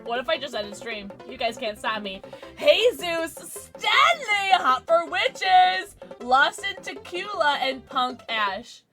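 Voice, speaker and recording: A woman livestreamer chatting casually and thanking subscribers, excitable, giggly and often apologetic. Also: sits high, takes it slowly, faint music behind.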